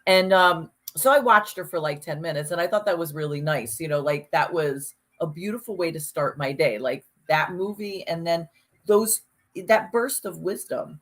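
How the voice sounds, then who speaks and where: A woman with a fairly low voice talks in a loose, casual podcast chat. She is animated and emphatic, and she swears freely as she works through her thoughts. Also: moderate pace. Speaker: podcast co-host.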